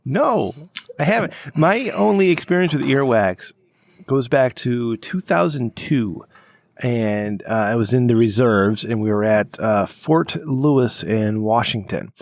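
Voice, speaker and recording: A man in his forties co-hosting a casual podcast, crude and joking, swearing freely as he tells a story. His voice is mid-pitched and recorded close and dry, with no room sound. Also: lively intonation, measured pace, darkish tone, no room sound. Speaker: podcast co-host.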